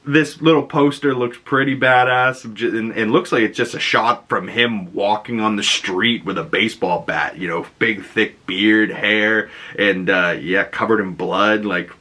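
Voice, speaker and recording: A man hosting a casual trailer breakdown as a YouTube reaction host, talking in an excitable, rambling way full of fillers and laughs. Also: lowish voice, unhurried, hardly any pauses.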